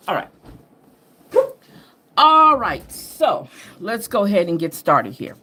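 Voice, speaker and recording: A woman host originally from New York talks in a loose, rambling way, her speech softened by a Southern drawl. Her pitch rises and falls a lot, and she laughs and corrects herself as she goes. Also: big pitch swings, slow pace, pauses often, a little hiss or hum. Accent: Southern US drawl over an upstate New York base. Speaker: host and astrology reader. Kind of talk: casual rambling chat.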